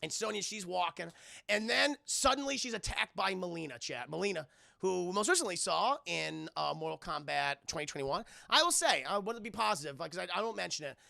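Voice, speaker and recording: Gravelly, sarcastic man recapping a film. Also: sits high, animated, a little fast, bright, forceful tone, dry recording, clean studio sound. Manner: sarcastic, swears a lot, acts out scenes. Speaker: streamer reviewing a film for live chat. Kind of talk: casual profane film recap.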